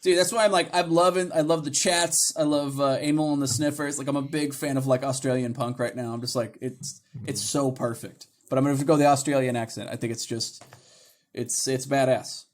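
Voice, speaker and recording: A man co-hosting a podcast, chatting casually with excitement, swearing and restarting sentences often. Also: mid-range voice, a little fast. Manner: excited, profane, many restarts. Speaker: podcast co-host. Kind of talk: casual chat.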